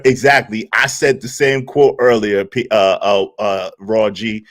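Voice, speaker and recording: A man hosting a casual livestream, reacting to a clip with slangy, animated commentary and shout-outs to viewers. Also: lowish voice, moderate pace, hardly any pauses.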